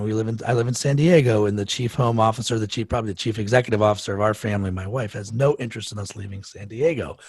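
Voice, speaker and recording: A man's voice: mid-range voice, husky, dry recording. A man hosting a podcast, reflecting and asking questions in an earnest, conversational way. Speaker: podcast host. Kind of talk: conversational interview.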